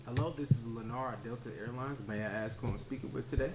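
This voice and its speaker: A man's voice: mid-range voice, fast talker, a little mellow, close to an everyday voice. A man playing a polite customer service agent who answers an angry caller in a scripted tone. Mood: calm. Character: calm male airline phone agent. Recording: noisy recording with clicks.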